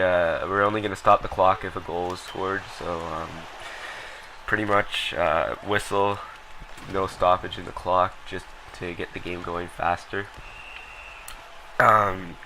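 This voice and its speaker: A young man with a low yet bright, forceful voice talks through his gameplay footage in a loose, rambling way. He fills gaps with ums and uhs and doesn't shy away from swearing. A faint noise sits under the recording. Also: low-quality recording. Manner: rambling, lots of ums and uhs, blunt and profane. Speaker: gameplay commentator. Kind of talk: casual gameplay commentary.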